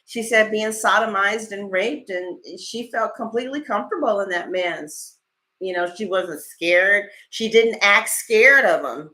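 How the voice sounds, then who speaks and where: A woman tarot reader in a casual livestream, telling stories in an animated, blunt way and swearing freely. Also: medium pitch, unhurried.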